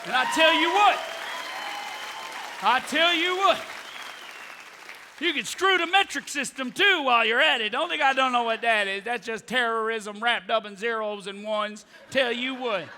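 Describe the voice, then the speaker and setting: A man doing a loud, brash American sports fan. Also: very high-pitched, normal speed, some chatter behind, slight background noise, full character voice. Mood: ranting. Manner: shouting, belligerent ranting.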